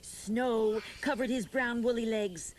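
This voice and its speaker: A woman's voice: on the high side, takes it slowly, a little hiss or hum. A woman hosting a children's TV show, telling a story and teaching a simple dance while coaxing young viewers along. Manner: animated, coaxing, talks directly to young viewers. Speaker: children's TV host. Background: faint music.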